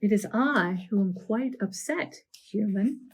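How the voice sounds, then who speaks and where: A woman's voice: mid-range voice, animated, unhurried, slightly rough, low-quality recording. A woman voicing a pompous, easily offended female snail in a storybook read-aloud, speaking formally and haughtily. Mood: haughty.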